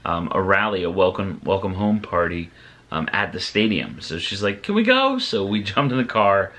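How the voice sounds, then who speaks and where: A man, a father, chatting casually to camera about his family's day, relaxed and rambling with ums and restarts. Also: low-pitched, moderate pace, a little hiss or hum. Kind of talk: casual vlog talk to camera.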